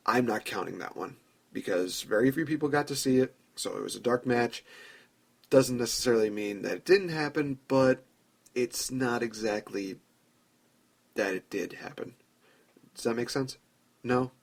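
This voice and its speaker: A man hosting a podcast, telling a long story in a chatty way and acting out imagined dialogue. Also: mid-range voice. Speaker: podcast host. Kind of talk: casual fantasy-booking commentary.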